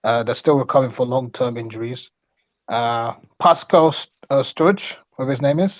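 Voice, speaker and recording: A man co-hosting a casual live stream, halting and unsure with names. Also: medium pitch, no room sound, dull audio. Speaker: co-host.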